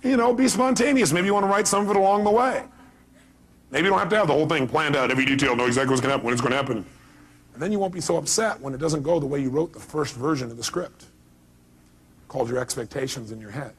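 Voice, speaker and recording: A high-voiced man delivering a motivational seminar speech. He speaks emphatically and keeps tossing rhetorical questions to his listeners. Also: fast talker, slightly rough.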